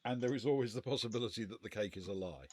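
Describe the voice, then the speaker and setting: A man's voice: fairly low pitch, racing, a little mellow. A man co-hosting a casual live gamebook play-through, reading passages aloud and weighing the choices with dry understatement.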